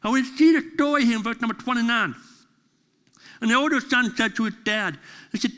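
A man preaching a sermon with animated storytelling and repeated phrases. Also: very high voice, brisk, long pauses, in a large hall. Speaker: pastor.

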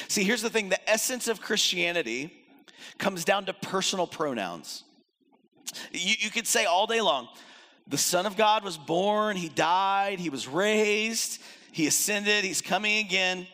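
A man preaching a sermon in an animated way, acting out the voices he quotes and swinging between loud and soft. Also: high-pitched. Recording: long hall reverb.

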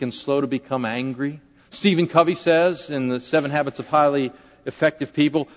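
A man, a pastor, preaching a conversational sermon in a large church sanctuary, often asking the congregation questions. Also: on the high side. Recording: dull lo-fi recording with long hall reverb.

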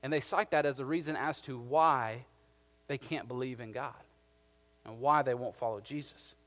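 With a mid-range voice at a moderate pace, a man delivers a sermon as pastor, casually spinning animated stories and saying "like" a lot. A long reverb tail trails his words.

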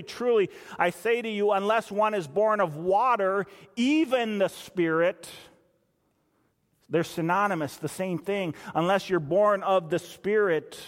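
A man's voice: fairly high pitch, in a large hall. A man preaching a sermon as pastor, emphatic and repeating phrases for stress.

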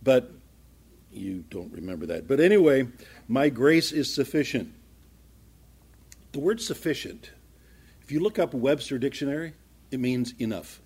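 A man's voice: medium pitch, animated, a little slow, long pauses, breathy edge. A man preaching a sermon in a conversational way, acting out small exchanges and building to fervent emphasis. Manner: conversational, acts out small dialogues, grows louder and more fervent. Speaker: pastor.

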